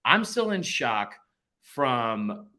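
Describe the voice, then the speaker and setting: A man's voice: medium pitch, big pitch swings, very slow, sharp tone. A man in his thirties hosting a casual sports podcast, rambling and self-deprecating. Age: 30s. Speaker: podcast host.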